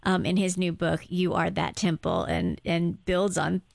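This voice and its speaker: A woman with a low, gravelly voice hosts a radio interview in a dry, close studio sound. She talks in a chatty way, building up long questions for her guest. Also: steady tone, measured pace, no echo. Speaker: radio show host.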